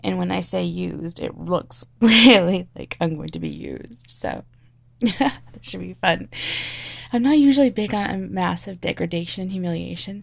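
A woman's voice: fairly low pitch, moderate pace, gravelly, dry recording. A woman creator chatting casually to her audience, hesitant, with many fillers and laughs. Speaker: audio creator. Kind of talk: casual chat.

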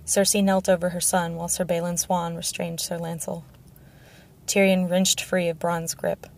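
A woman reading a fantasy audiobook in a steady, measured narration with a gravelly voice. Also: fairly low pitch. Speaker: audiobook reader.

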